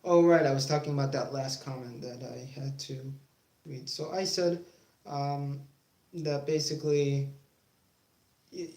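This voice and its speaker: Slow, halting young man in echoey room. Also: medium pitch, steady tone, dark tone. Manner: halting, many fillers, then heated and defiant. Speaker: YouTube sports channel host. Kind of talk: casual sports talk vlog.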